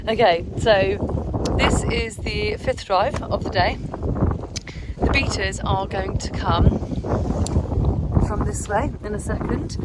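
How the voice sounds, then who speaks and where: Woman, Somerset-tinged West Country accent, chatty outdoor vlog, middle pitch, noisy outdoor phone recording. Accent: Somerset-tinged English West Country. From Hampshire, England. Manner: chatty and explanatory, laughs often. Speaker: vlogger on a beating line. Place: outdoors in countryside fields and hedges.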